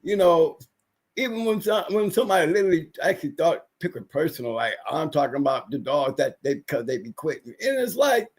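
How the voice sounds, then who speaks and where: A man's voice: on the high side, sing-song, a little fast, breathy edge. A man who has been sick, ranting emphatically in a casual livestream chat, repeating himself for weight. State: recovering from illness. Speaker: livestream guest.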